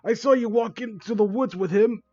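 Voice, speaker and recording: A man's voice: high voice, normal speed, dark tone, no room sound, muffled recording, voice pushed up. A man voicing a mean teenage girl who bullies at school, taunting and mocking.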